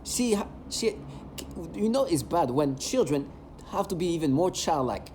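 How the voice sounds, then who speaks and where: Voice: medium pitch, big pitch swings, measured pace, dark tone, a little hiss or hum. A vlogger ranting in an agitated, emotional monologue, hurling repeated insults.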